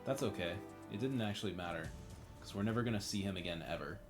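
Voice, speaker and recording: A man's voice: fairly low pitch, quick pace. A man streaming a video game, making crude jokes and talking to himself and the characters. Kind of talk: casual gameplay commentary. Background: faint game music.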